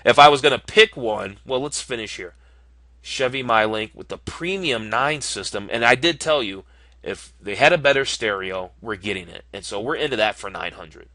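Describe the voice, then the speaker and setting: A man's voice: on the low side, animated, normal speed, bright, forceful tone, no room sound. A man talking casually as he clicks through options while building a car online, thinking aloud with frequent ums and uhs. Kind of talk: casual screen-recorded commentary.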